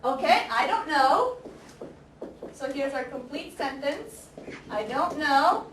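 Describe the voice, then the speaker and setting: A woman teaching an English grammar class, speaking slowly and deliberately, repeating example sentences and quizzing her students. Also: sits high, expressive. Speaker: ESL teacher. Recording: echoey classroom, camera far off, faint noise.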